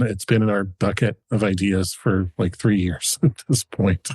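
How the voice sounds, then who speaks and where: Husky man telling a history story. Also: on the low side, fairly even intonation, normal speed, hardly any pauses, a little mellow, no echo. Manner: chatty researched storytelling, frequent chuckles. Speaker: podcast co-host. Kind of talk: casual history podcast storytelling.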